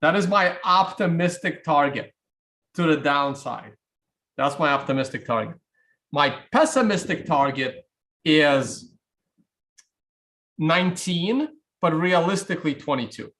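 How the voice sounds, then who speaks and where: A man's voice: a little high, animated, unhurried, pauses often, fairly bright tone. A man from Russia hosting a livestream, answering viewer questions in a wry, offhand way and thinking aloud. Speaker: livestream host.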